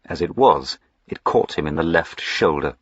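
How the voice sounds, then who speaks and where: A man narrating a historical novel as an audiobook in a measured, even storytelling manner. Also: rumbling low, husky, dry recording, lo-fi sound.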